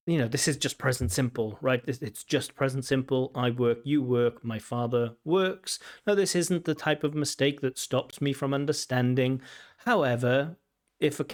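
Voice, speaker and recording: A man working as an IELTS examiner, commenting on a candidate's answers and repeating example words slowly to show the stress. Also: medium pitch. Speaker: IELTS examiner giving feedback. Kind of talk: teaching commentary on a recorded test.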